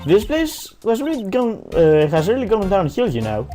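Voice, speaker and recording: A let's player voicing a nosy, cranky old woman security guard who scolds and gossips in a shrill voice. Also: wildly swooping pitch, moderate pace, mellow, soft background music. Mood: gossipy. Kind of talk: let's play voice acting.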